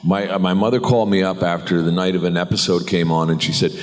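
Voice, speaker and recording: Brief: middle-aged American man, deep voice, lively storyteller, recorded in a big echoey hall. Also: fast talker. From United States. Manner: animated, laughing, acts out quoted voices. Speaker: actor on a convention panel. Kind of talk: anecdotal storytelling. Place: large convention hall. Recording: reverberant convention hall.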